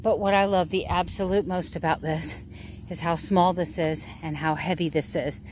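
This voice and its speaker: A middle-aged woman vlogs in a relaxed, chatty way, with a voice that sits a little low for a woman. She rambles and corrects herself mid-sentence as she talks to her viewers. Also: normal speed, slight background noise. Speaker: vlogger. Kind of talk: casual chat.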